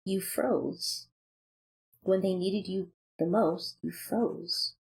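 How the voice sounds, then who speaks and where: A woman voicing a sad, coldly disappointed young queen who speaks quietly and gravely. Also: mid-range voice, drawn-out words, low-quality recording. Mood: grave sorrow.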